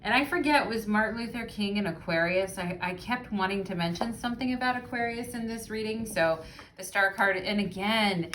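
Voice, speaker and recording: A woman's voice: mid-range voice, moderate pace, fairly bright tone, a little hiss or hum. Effusive, chatty woman tarot reader. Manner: chatty and effusive, addresses viewers as "you guys"; reads quoted passages aloud from a card guidebook. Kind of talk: casual pick-a-card tarot reading.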